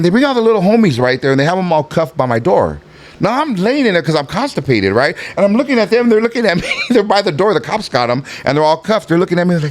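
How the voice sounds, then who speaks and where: A middle-aged man telling a long story in a casual interview, animated, swearing freely and acting out the other people in it. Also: a little high.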